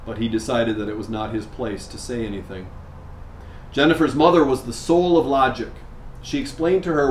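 A male priest tells a story as part of his sermon, unhurried with measured pauses, at a middle pitch. His voice rings in an echoey room with faint noise underneath.

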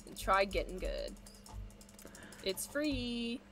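A nineteen-year-old woman co-streaming a game, teasing her partner in an animated way with loud jeers. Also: medium pitch, slow pace, soft background music. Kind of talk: casual gaming chat.

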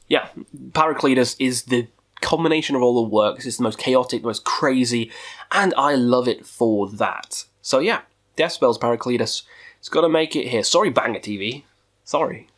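A man's voice: mid-range voice, lively intonation, normal speed, fairly bright tone. A man hosting a casual video countdown, talking in a profane, goofy way with jokey asides. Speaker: metal music YouTuber.

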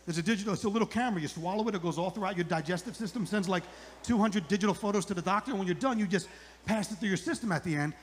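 Fast-talking high-voiced comedian, forties. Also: male voice, big-room sound, slight background noise. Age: 40s. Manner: acts out characters in high put-on voices. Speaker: stand-up comedian. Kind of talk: live stand-up routine. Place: outdoor comedy club stage.

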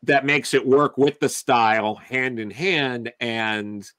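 A man in a casual film review chat, rambling through his points with lots of restarts and fillers. His voice sits at an ordinary middle pitch. It is recorded close and dry, with no room sound. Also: slow pace, fairly bright tone, smooth, dry recording.

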